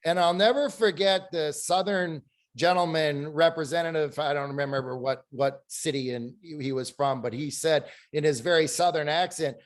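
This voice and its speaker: A man's voice: fairly high pitch, normal speed. A man on a panel telling stories, acting out the people he quotes. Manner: storytelling, acts out quoted dialogue. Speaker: panel guest. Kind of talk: anecdotal panel discussion.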